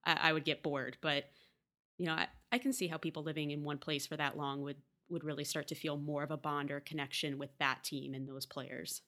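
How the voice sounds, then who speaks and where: A woman co-hosts a podcast and talks sports earnestly and conversationally. Her voice is very low for a woman but has a bright, forceful edge. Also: level tone, fairly quick. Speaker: podcast co-host. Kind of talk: casual sports talk.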